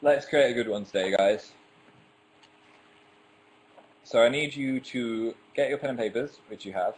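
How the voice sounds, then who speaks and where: With slight background noise on his webcam mic, a young man speaks fairly quickly in a mid-range voice as host of a casual livestream. He reads viewer comments, chats, pokes fun at himself, and sometimes stumbles on words.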